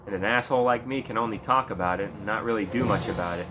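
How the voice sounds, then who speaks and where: A man's voice: lowish voice, fast, bright, forceful tone, a little hiss or hum. A man ranting in a casual commentary video, heated and sarcastic, swearing often. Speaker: video creator.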